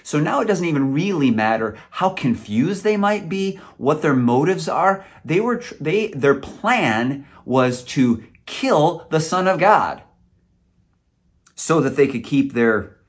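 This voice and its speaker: A man's voice: a little high, very animated, slow pace. A man preaching a sermon, earnest and emotional, sometimes stumbling over his words.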